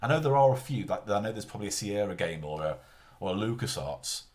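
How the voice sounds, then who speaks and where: A man's voice: on the low side, lively intonation, fast talker, a little mellow. A man chatting casually on a live stream, rambling and often interrupting himself mid-sentence.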